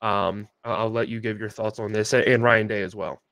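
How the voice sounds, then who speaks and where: A man's voice: fairly low pitch, steady tone, brisk, a bit bright, clean tone, no echo. A young man co-hosting a sports podcast, telling a long story in a casual, rambling way with many fillers and restarts. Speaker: podcast co-host.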